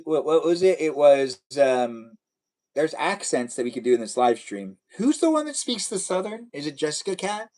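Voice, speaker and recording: A man's voice: fairly high pitch, sing-song, normal speed, a little mellow, rough recording. Playful man chatting on a live stream. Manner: chatty, playful, reads and answers chat. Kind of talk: casual live stream chat with viewers.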